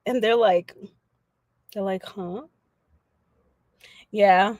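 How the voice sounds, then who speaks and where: A woman chatting casually on a livestream, animated and slangy, laughing often as she talks to her viewers. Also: mid-range voice, moderate pace, no echo. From Dominican family background. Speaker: livestream host.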